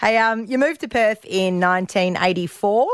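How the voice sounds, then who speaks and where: A woman's voice: mid-range voice, normal speed, clean tone, no echo, clean studio sound. A young Australian woman hosting a casual podcast interview, bubbly and laughing often. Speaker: podcast host.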